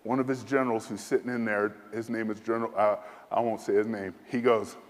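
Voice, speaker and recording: A man in his fifties giving a speech as a military leader, telling a self-deprecating anecdote in a lively way from a podium in a large hall. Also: fairly low pitch, a little fast. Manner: lively, self-deprecating storyteller who acts out quoted voices. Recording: echoey hall.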